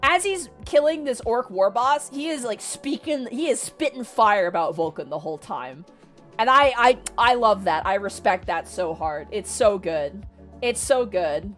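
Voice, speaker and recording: A woman's voice: mid-range voice, animated, a little slow, soft background music. A young woman streamer animatedly retelling a book to her chat, swearing often. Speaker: VTuber streamer. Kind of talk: casual livestream book recap.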